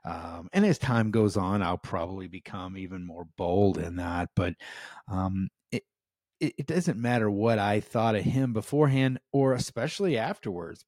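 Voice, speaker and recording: Hosting his leadership podcast alone, an American man reflects earnestly in a lowish, slightly mellow voice, peppering his speech with "um" and "right?" and rising emphasis. The studio-quality recording has no echo.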